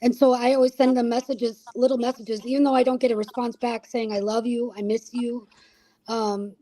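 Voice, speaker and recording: A woman guest in a casual talk-show chat, speaking softly and haltingly. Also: a little high, level tone, poor audio.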